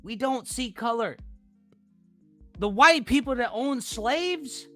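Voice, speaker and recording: Ranting man with a bright, swinging voice. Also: very high voice, lively intonation, slow, soft background music. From United States. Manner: ranting, profane, repeats himself, argues with chat. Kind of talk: heated casual rant.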